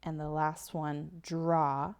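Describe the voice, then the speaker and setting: A woman whose low voice carries a level, darkish tone teaches phonics using slides. She is slow and patient, sounding out every word, in what is a tablet whiteboard recording.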